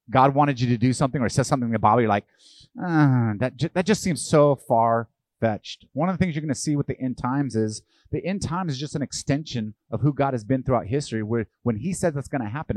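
Male pastor preaching, animated, plays out quoted voices, middle-pitched, dry close sound. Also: dry recording. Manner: animated, acts out quoted voices, asks the audience questions. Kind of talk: sermon.

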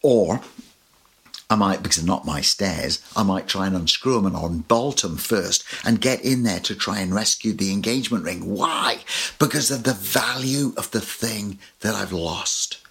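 A man's voice: fairly low pitch, moderate pace, fairly bright tone, husky. A man preaching a sermon as pastor, telling personal stories with light humor. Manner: storytelling with personal anecdotes and humor.

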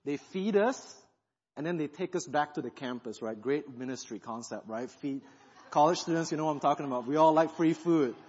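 A fairly high, husky male voice delivering a lively sermon testimony, acting out his own past thoughts as he tells the story. The sound is a bit dull and rings out with the long reverb of a large church hall. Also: brisk. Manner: animated storytelling, acts out quoted thoughts. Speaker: guest pastor.

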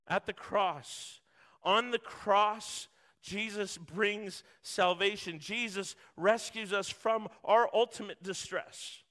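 A man's voice: high-pitched, slow pace, sharp tone. A man preaching a sermon, earnest and building through repetition, acting out short quotes. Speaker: pastor.

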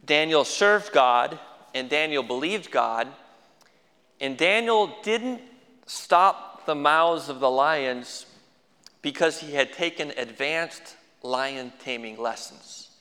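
Bright-voiced preacher in a reverberant hall. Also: male voice, fairly high pitch. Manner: folksy with dry humorous asides. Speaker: pastor. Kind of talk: sermon.

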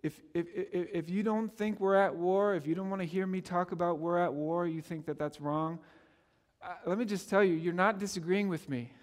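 High-voiced preacher man in a reverberant hall. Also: fairly even intonation, moderate pace. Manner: emphatic, repetitive preaching cadence. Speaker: pastor. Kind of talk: sermon.

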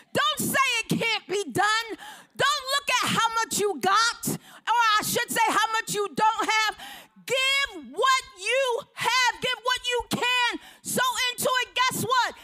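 A woman preaching a fervent sermon with call-and-response, often shouting to the congregation. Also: extremely high pitch.

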